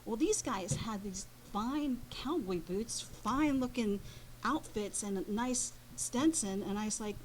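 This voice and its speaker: A woman painter, a guest in an interview, telling a story in a halting way, with many pauses and restarts. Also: fairly high pitch, expressive, a little hiss or hum, poor audio.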